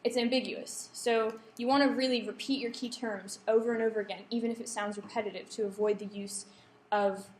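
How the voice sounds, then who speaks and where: Speaking a little fast with few pauses, this young lecturer has a fairly high, steady voice. She gives students an academic writing workshop in an echoey room, peppering explanations with ums and self-corrections, over slight hiss or hum.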